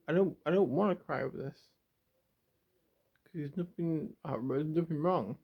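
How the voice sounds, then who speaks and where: A young man talking straight to his camera in an emotional, rambling confessional, stumbling and repeating himself, close to tears. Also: a little high. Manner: rambling and repetitive, stumbling over words. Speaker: vlogger. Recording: dull lo-fi home video.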